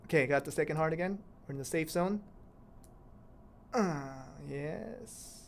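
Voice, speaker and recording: A woman's voice: sits low, a little slow, creaky, slight background noise. A woman streaming a mobile game, chatting casually to viewers and exclaiming at near misses. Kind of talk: casual live-stream commentary while playing.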